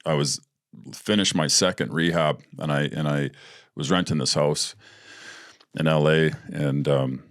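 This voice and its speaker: A man's voice: a bass voice, fairly even intonation, a little slow, dry recording, clean studio sound. A man hosting a podcast, telling personal stories in a casual, blunt, profane way and laughing as he goes. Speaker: podcast host. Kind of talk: casual storytelling.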